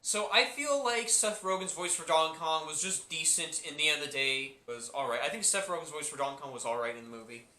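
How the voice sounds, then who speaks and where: A man talks through a movie review in a loose, rambling way, circling back to the same points and restarting his sentences. His voice is strikingly bright and a little high. The room around him adds a clear echo. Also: animated, fast, hardly any pauses. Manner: rambling, repeats himself, many restarts and fillers. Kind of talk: casual spoken review.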